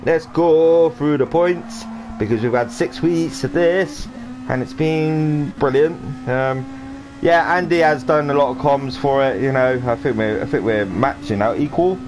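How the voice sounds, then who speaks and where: A man's voice: a little high, a little slow. A man casually commentating a sim racing stream, rambling and chatty with lots of fillers and restarts. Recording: noisy home stream audio.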